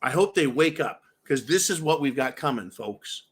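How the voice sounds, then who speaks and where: With a medium-pitched, animated voice carrying a breathy edge, a man hosting a political show rants angrily at normal speed. He is profane and furious, cursing constantly and calling viewers folks over and over.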